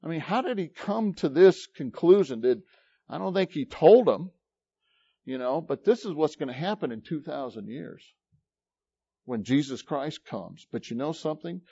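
A man's voice: fairly high pitch, lively intonation, moderate pace, creaky, mellow, slightly rough, dry recording, highs cut off. A man preaching a sermon, retelling a scripture passage with dramatic storytelling and shifting emphasis.

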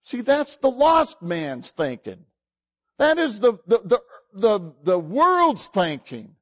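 A man's voice: high-pitched, huge pitch swings, slow. A man preaching a sermon with emphatic rhetorical questions, often repeating words. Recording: dull lo-fi sermon recording.

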